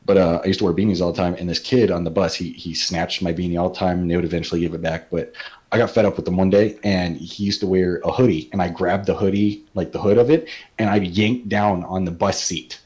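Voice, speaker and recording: Very deep-voiced young man from California. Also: steady tone, fast, a little mellow. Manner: laid-back, with fillers and hesitations. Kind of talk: casual storytelling chat.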